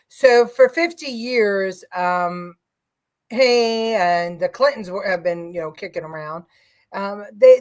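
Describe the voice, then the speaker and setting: A middle-aged woman co-hosting a casual political chat, talking in an opinionated, rambling way with many fillers. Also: mid-range voice. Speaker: co-host of a political livestream.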